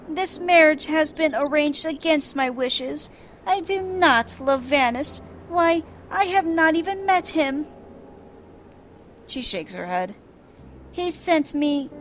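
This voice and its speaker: Woman putting on a lilting high young noblewoman. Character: gentle young noblewoman in arranged marriage.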